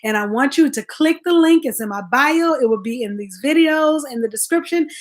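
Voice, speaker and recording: A woman hosting a casual live-stream talk as a branding coach, energetic and chatty, laughing often and restarting her sentences as she goes. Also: high-pitched, moderate pace.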